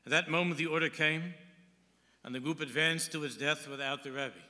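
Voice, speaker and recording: A man's voice: fairly high pitch, normal speed, sharp tone. A man giving a sermon as a rabbi, telling a story and quoting Hebrew texts with English translation. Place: large synagogue hall. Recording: long hall reverb.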